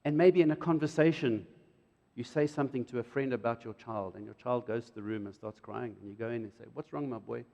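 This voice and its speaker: A middle-aged man, preaching a sermon in an animated way and acting out quotes. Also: a little fast, highs cut off. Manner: animated, jumps to loud high emphasis and acts out quotes. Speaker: pastor. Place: church hall. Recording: reverberant church hall.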